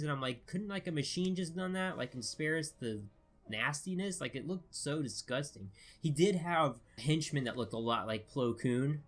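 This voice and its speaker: A man giving a casual spoken review, rambling with many fillers and restarts. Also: medium pitch. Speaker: video reviewer.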